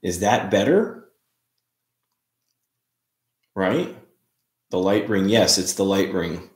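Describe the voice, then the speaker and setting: A man hosting a casual live stream, chatting in a relaxed way and greeting viewers by name. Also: low-pitched, takes it slowly. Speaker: livestream host. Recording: roomy, echoey room sound.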